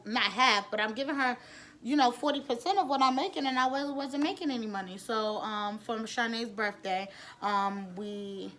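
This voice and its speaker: A woman's voice: high-pitched, pushed and bright. Frank young New woman. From the Bronx, New York. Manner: blunt and frank, with frequent cursing and rambling restarts. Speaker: nail technician. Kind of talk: candid personal storytelling.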